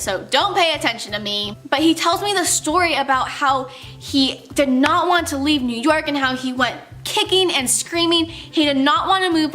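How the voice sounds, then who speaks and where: High, bright-voiced young woman telling a story. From California. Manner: animated, exclamatory storytelling. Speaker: vlogger. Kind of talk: storytelling vlog.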